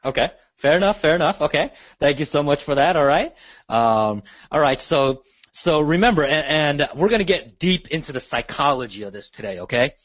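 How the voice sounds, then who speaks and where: A man's voice: on the high side, expressive, moderate pace, no room sound, dull audio. A man leading a live online sales training, asking the audience questions and checking in often. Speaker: real estate sales trainer.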